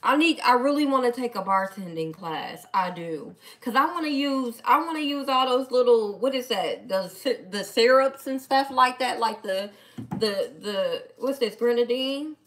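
A woman chatting casually on a live stream, playful and animated as she talks back to her viewers. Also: fairly high pitch, moderate pace. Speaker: live-stream host reading viewer comments.

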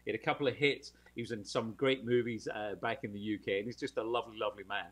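A man's voice: fairly low pitch, steady tone, fast, a bit bright. A British man telling a showbiz anecdote in casual podcast chat, acting out the voices of people in his story. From United Kingdom.

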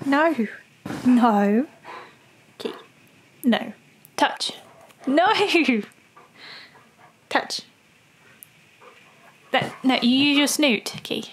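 High-voiced woman slowly coaxing a dog. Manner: playful, laughing often, repeating short commands. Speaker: dog owner and trainer. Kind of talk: coaxing a dog through tricks. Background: dog sounds.

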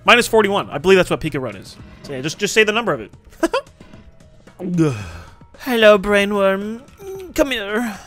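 Gaming creator, man, high bright voice, cursing and laughing through his run, faint game music underneath. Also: very animated, brisk, long pauses. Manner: swears freely, laughs often, talks to viewers. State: recently woken up. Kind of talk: casual gameplay commentary.

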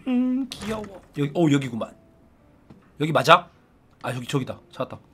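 A man streaming a game live, reacting with excitable, gushing commentary. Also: mid-range voice, rapid-fire, a little hiss or hum. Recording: husky voice with game music behind.

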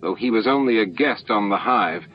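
A man narrating a dramatized fan audiobook with steady, plain reading. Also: on the low side, a little fast, lo-fi sound. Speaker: audiobook reader.

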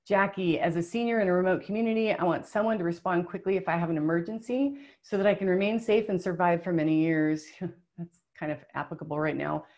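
A woman's voice: fairly low pitch, brisk, a little mellow. A woman presenting a live online workshop, reading out participants' answers in an upbeat, emotional, chatty way over a video call. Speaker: webinar presenter.

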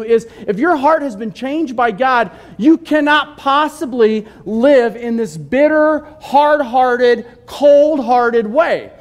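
A man pastor giving a sermon in a conversational way, asking the congregation questions and joking with them. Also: very high voice. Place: church sanctuary.

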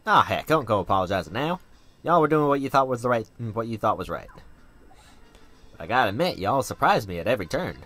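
A man's voice: medium pitch, very animated, fast, a bit bright. A man voicing an earnest, folksy middle-aged cowboy with a put-on Southern US drawl and homespun turns of phrase, over a game.

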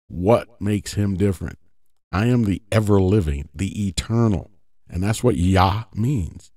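Low-voiced man teaching, keeps asking "right?". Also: mellow, no echo, clean studio sound. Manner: conversational, often asks "right?". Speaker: religious teacher. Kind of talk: casual teaching monologue.

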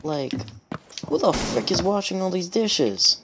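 Excitable man gaming, very noisy audio. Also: sits high, measured pace, creaky. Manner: excitable, mild cursing. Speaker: gamer. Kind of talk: casual gaming chat. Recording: loud noise in the background.

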